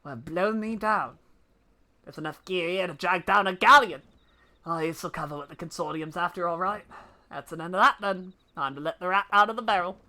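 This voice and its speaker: A woman's voice: fairly low pitch, moderate pace, bright, forceful tone. Woman doing a salty ex-pirate debt collector. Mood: swaggering. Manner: salty seafaring slang, swaggering. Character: gruff middle-aged male ex-pirate debt collector.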